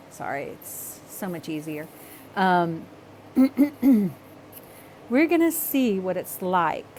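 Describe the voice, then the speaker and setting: A woman teaching a hands-on art project in a loose, chatty way, talking to herself and apologizing as she gets excited. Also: medium pitch, a little hiss or hum. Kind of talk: casual craft tutorial.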